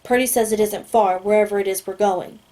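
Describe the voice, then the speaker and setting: A woman reading a first-person novel aloud at a steady pace, sometimes stumbling and correcting herself. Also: mid-range voice, a little fast. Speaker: audiobook reader.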